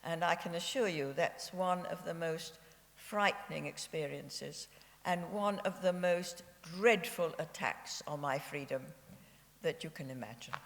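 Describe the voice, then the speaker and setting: A woman in her nineties from Austria, a Holocaust survivor giving her personal testimony at a civic memorial event, telling her story in a slow, measured way with gentle irony. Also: fairly low pitch, vocal fry. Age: 90s. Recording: long hall reverb.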